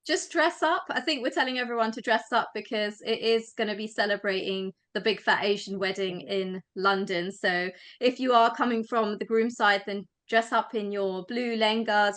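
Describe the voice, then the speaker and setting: A woman's voice: medium pitch, fairly bright tone. A woman cast member in a podcast interview, talking in an upbeat, promotional way. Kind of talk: casual interview chat.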